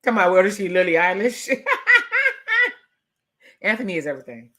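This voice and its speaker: A woman vlogger giving a casual, sassy recap rant with animated delivery and laughing asides. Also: lowish voice, rapid-fire.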